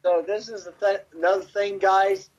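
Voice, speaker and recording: A man from Memphis, telling a story as a podcast guest in a rambling, animated way and swearing constantly. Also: sits high, moderate pace, dull audio. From Memphis, Tennessee. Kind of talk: casual storytelling.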